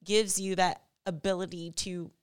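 A woman's voice: on the low side, level tone, a little slow, smooth, dry recording. A woman co-hosting a podcast, asking long, searching questions in casual chat. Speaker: podcast co-host.

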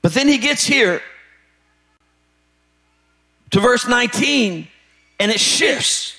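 A pastor preaching a sermon with emphatic, repetitive phrasing that rises to shouted peaks. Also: male voice, very high voice, expressive, takes it slowly. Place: church sanctuary.

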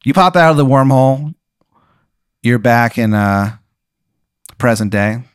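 A man's voice: medium pitch, expressive, unhurried, clear, resonant tone, no echo, studio quality. A young man hosting a podcast, casually telling an improvised crude story with lots of fillers. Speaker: podcast host.

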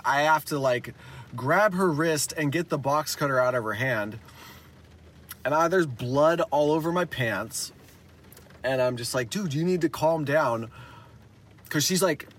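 A man casually telling a personal story, candid and profane, halting with many restarts and dropping low and quiet when he admits fault. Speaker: storyteller recounting his own past.

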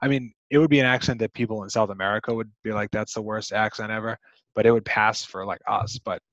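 A man with a fairly low voice talks casually about films as a podcast co-host, rambling along with lots of fillers. The sound is dry and close, a little dull and muffled. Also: quick pace, a bit bright, no room sound. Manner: rambling, chatty with many fillers. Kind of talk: casual movie discussion.

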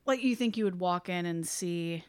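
A woman's voice: fairly low pitch, normal speed, clean tone, no echo. A woman hosting a podcast, chatting casually as she retells a ghost story, often laughing. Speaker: podcast host.

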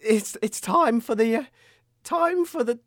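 A woman doing a feverish, halting male DJ. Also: fairly high pitch, animated, no echo. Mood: sickly. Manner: groggy, halting, dramatically sickly. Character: feverish, melodramatic male radio host. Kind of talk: comedy radio sketch acting.

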